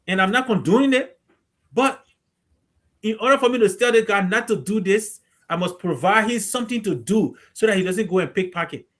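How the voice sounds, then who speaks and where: High-pitched man, frank and earnest, plain discussion tone. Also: a little fast, a bit bright. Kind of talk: casual discussion.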